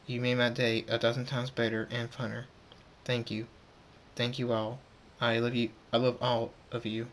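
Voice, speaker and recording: A gentle, loving stallion who speaks earnestly and hesitates often, as a male reader voices him. The voice stays close to an ordinary male speaking voice at a middle pitch. It comes from a homemade storybook reading. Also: completely flat delivery, normal speed, a little hiss or hum, natural voice. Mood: tender. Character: gentle adult stallion, soft-hearted and loving.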